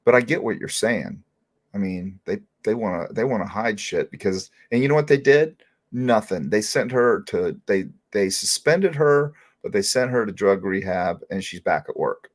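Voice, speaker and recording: A man's voice: on the low side, animated, moderate pace. A man hosting a crime talk stream, speaking in an emphatic, indignant way. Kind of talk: casual live-stream talk.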